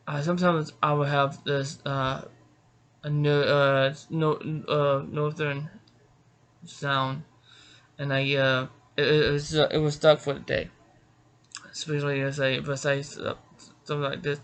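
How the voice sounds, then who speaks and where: A man's voice: a little high, level tone, measured pace, long pauses, fairly bright tone, clean tone. A middle-aged man from Georgia, a martial arts author, talking casually about himself with many stammers and restarts. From Georgia, United States. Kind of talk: casual self-introduction.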